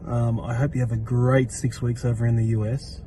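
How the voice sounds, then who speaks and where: A podcast regular recording an earnest, encouraging farewell message. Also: male voice, medium pitch, little pitch movement, normal speed, mellow, a little hiss or hum.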